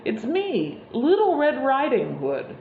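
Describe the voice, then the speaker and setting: High earnest little girl a lady plays, echoey and kinda muffled. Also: huge pitch swings, slow pace, slight background noise, heavily acted. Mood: eager. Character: eager young girl. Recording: echoey room, slightly dull sound.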